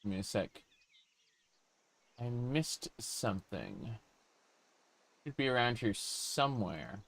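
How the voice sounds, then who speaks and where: A man's voice: on the low side, very animated, takes it slowly, gravelly, fairly bright tone. A man casually commenting on his game as he plays, reading chat aloud and joking along. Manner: playful, reads chat aloud and jokes in character. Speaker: gaming streamer. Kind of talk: casual live gameplay commentary.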